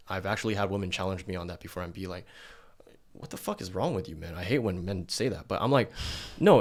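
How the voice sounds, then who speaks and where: A young man with a somewhat low voice hosts a podcast. He talks bluntly and casually, with plenty of swearing. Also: a little mellow. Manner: blunt and profane, acts out quoted people in a raised voice. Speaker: podcast host.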